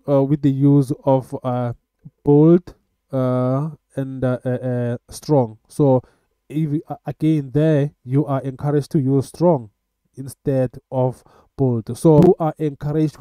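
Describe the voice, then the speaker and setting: A man teaching web coding in a screen-recorded tutorial, talking in a halting way with many filler sounds. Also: medium pitch, mellow, no room sound. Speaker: coding instructor.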